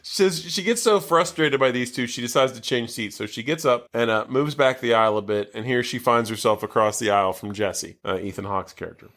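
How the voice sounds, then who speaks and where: A man's voice: medium pitch, brisk, hardly any pauses, fairly bright tone. Rambling podcast man recapping a movie. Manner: rambling, loose recap with many fillers. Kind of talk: casual chat. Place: basement.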